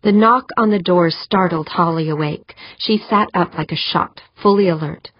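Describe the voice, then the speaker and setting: Female narrator, low voice, even storytelling, dry dull lo-fi sound. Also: normal speed, dry recording. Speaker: audiobook narrator. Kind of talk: scripted narration.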